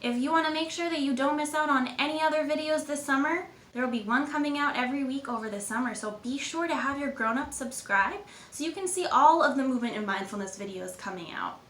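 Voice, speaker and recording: A woman's voice: high-pitched, fast talker, hardly any pauses, fairly bright tone, slight background noise. A young woman playing Jane and leading children through a movement and mindfulness lesson in an upbeat, encouraging way. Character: cheerful young woman adventurer, friendly guide. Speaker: kids' movement and mindfulness instructor. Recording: echoey room, faint ambience.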